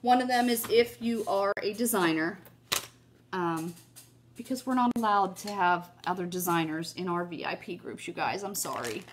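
Her voice is fairly low and moderately paced, with slight background noise, as she gushes upbeat and chatty through a casual crafting tutorial. She keeps turning to viewers with "you guys" and "oh my gosh," and a cough interrupts her now and then.

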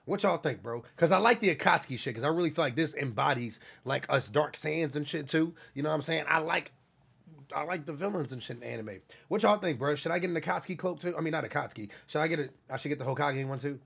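A young man from New York talks quickly and casually on a live stream, shouting out donors in street slang. His voice is gravelly and forceful, with a rough, raspy edge, and sits a little high for a man. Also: lively intonation. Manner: loud, hyped shout-outs to donors in heavy street slang. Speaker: livestreamer. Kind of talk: casual livestream chat reading out donations.

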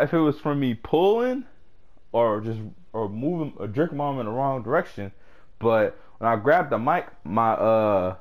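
Animated young man telling a story. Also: medium pitch. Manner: storytelling, laughing, slangy and profane. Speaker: gamer chatting with friends. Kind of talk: casual chat over online game. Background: music playing.

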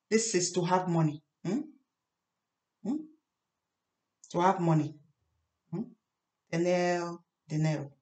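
Slow, echoey woman teacher drilling spelling. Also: fairly low pitch, a little mellow. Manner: spells words letter by letter, repeats each word, asks "hmm?". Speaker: English teacher. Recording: echoey room.

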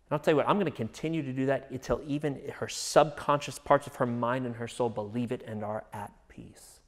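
A man's voice: medium pitch, steady tone, quick pace. Earnest male pastor in a reverberant hall. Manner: earnest, drops to a soft hush on reassuring phrases. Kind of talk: sermon.

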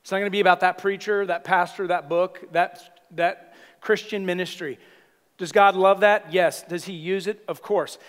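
A man with a bright, high-pitched voice preaches a sermon in a Californian accent, animated and conversational, tossing playful asides to his congregation. The sound carries the long reverb of a church hall. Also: moderate pace. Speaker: senior pastor. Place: church sanctuary.

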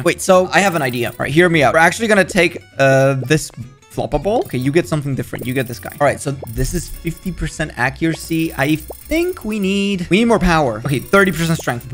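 A young man giving excited running commentary while he plays a video game, cheering and groaning at each kick and talking to his in-game pets. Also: on the high side, moderate pace. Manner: hyped, jumpy, talks to the game and its pets. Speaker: gaming video creator. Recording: faint background music.

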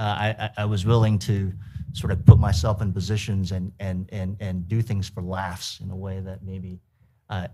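A man's voice: fairly low pitch, a little mellow. A man speaking on a book panel, hesitant and thoughtful, with many fillers and restarts, then reading from his essay. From United States. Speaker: author at a book talk. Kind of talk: panel talk and reading aloud.

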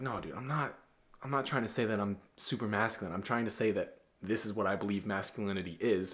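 A man in his twenties giving a blunt, preachy, slangy motivational talk as a masculinity coach. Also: lowish voice. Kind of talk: casual motivational monologue.

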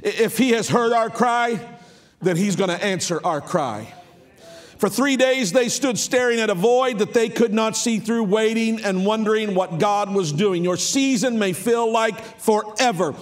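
A man, a pastor, preaching a fervent sermon, repeating phrases and building to shouts. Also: high voice. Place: large church sanctuary. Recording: long church hall reverb with music behind.

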